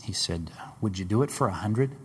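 A man preaching a sermon, dramatic, rising to loud high questions and dropping to hushed low tones. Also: expressive, brisk, slight background noise. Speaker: pastor. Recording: long hall reverb.

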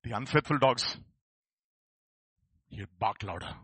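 Male preacher, bright, husky voice, very lively pitch, dry sound; builds to fervent shouting. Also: a little slow, no room sound. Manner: animated, rising to fervent shouts. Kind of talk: sermon.

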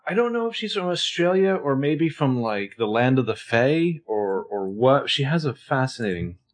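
A man co-hosting a podcast in casual recap chat. His voice sits at a medium pitch, and he retells scenes with lively quoted lines. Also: moderate pace. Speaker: podcast co-host.

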